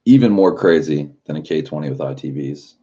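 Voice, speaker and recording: A man's voice: extremely low pitch, expressive, a little fast, warm tone, highs cut off. A man live streaming in a casual chat, rambling loosely with lots of filler words and swearing.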